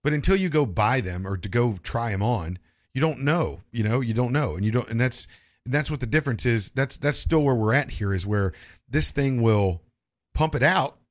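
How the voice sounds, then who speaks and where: Male host, mid-pitched voice, rambling chat with lots of restarts. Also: lively intonation, moderate pace. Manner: rambling, with frequent restarts and swearing. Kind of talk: casual podcast chat.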